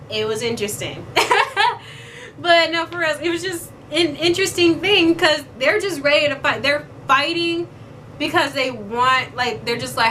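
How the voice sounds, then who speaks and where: A woman's voice: sits high, normal speed, pushed and bright, slight background noise. A young woman chatting playfully to camera as a vlogger, acting out quoted lines as she goes. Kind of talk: casual chat to camera.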